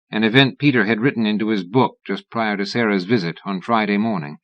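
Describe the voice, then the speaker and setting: A man reading a horror novel aloud as an audiobook narrator, in a measured, even-toned way. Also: fairly low pitch, no echo, dull audio.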